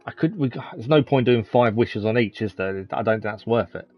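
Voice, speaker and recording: A man's voice: on the low side, normal speed, dull audio, soft background music. A man commentating casually on a live game stream, chatty and chuckling often as he answers his chat.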